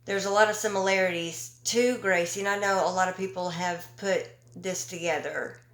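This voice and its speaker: A woman giving casual opinion commentary, talking slowly and emphatically with an indignant edge and many ums and pauses. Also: lowish voice, fairly even intonation, roomy sound. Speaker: commentary YouTuber.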